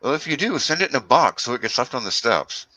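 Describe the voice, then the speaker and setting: A man's voice: mid-range voice, big pitch swings, fast, pushed and bright, no echo. A man joining a livestream chat over a video call, wry and casually profane. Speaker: livestream guest.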